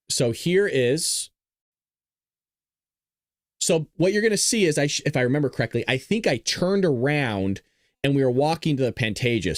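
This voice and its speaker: A man's voice: medium pitch, dry recording, studio quality. A man hosting a podcast, talking casually and rambling to viewers while he plays his own video clips. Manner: rambling, talks straight to viewers. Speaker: podcast host.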